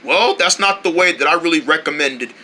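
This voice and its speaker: A wary cartoon creature mutters warnings in a grumbling, cautious way, as a man puts it on. The tone stays bright and edgy despite the lower register. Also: fairly quick, slight background noise.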